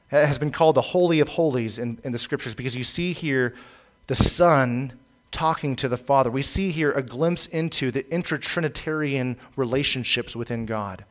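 A man's voice: a little high, a bit bright. A man preaching a sermon, emphatic and given to repeating key lines for weight, with the occasional stumble over his words. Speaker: pastor.

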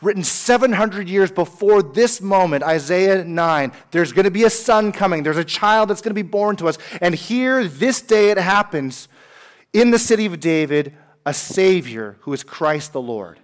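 A man in his thirties, a pastor giving a lively, conversational sermon with humorous asides and acted-out quotes. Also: high voice, normal speed. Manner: animated, conversational preaching with asides and voiced quotes.

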